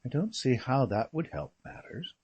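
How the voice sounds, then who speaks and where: A man reading a gentleman cousin who asks short, probing questions. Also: mid-range voice, big pitch swings, normal speed, breathy edge, muffled recording. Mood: questioning.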